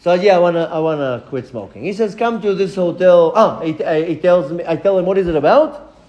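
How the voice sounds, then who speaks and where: A man, a rabbi, giving a lecture as a lively personal story, acting out the voices of the people in it. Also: sits high, fairly quick, dull audio. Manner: animated storyteller acting out dialogue.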